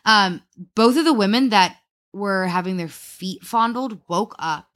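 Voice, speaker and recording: A woman's voice: mid-range voice, unhurried, fairly bright tone. Woman co-host telling a true crime story. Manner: conversational storytelling with frequent fillers. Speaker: podcast co-host. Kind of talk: casual true crime chat.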